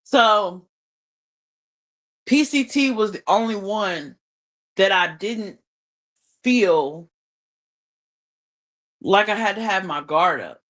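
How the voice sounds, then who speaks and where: A woman's voice: medium pitch, lively intonation, slow, long pauses, a bit bright. A woman venting on a livestream, talking emphatically and swearing freely about a falling-out. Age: adult mother. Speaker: livestream host. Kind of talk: unscripted livestream monologue.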